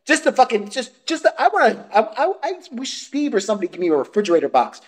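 Man, podcast co-host, profane rant, lively swooping pitch, laughs a lot. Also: fast. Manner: crude, profane ranting storytelling with frequent laughter. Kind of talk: casual chat.

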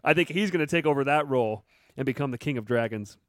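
A man's voice: medium pitch, expressive, fast talker, fairly bright tone, no echo. A man hosting a casual podcast, joking around and reading listener questions aloud. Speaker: podcast host.

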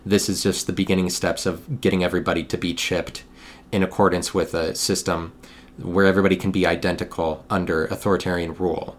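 A young man hosting a solo podcast, talking in a meandering monologue with frequent restarts, sometimes getting loud when riled. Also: low-pitched, level tone, fairly quick. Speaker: podcast host.

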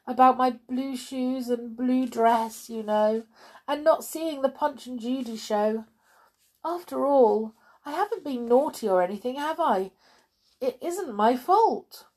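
A woman voicing a small, tearful little girl who is gentle and eager. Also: fairly high pitch, big pitch swings, normal speed, husky, pitched above the performer's own voice. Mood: disappointed.

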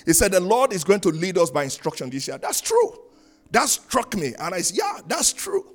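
A man preaching a sermon, swinging between loud sung-out lines and quiet asides. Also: sits high, sing-song, normal speed. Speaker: pastor. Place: church in Canada.

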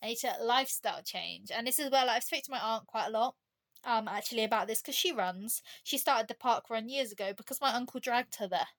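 A woman's voice: a little high, fairly quick, a bit bright. A woman chatting as a podcast guest, telling rambling stories and laughing often. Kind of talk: casual chat.

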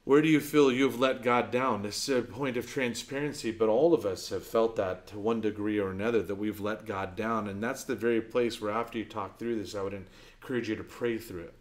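Earnest male pastor preaching warmly. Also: steady tone, a little fast. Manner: earnest, conversational preaching with told stories; drops to soft, low intimate tones for key points. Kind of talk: sermon.

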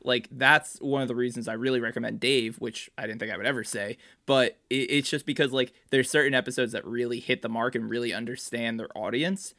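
A man's voice: mid-range voice, fairly even intonation, fairly quick, hardly any pauses, sharp tone, no room sound. A young man on a podcast talks earnestly, hedging his points with fillers. His voice sits mid-range and sounds dry and close. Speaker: podcast co-host. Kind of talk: casual podcast chat.

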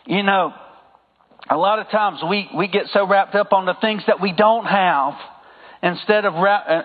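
A man with a Southern accent preaching a sermon to a congregation, talking in a conversational way and asking them for amens. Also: high voice. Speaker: pastor. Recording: phone-like sound with long hall reverb.

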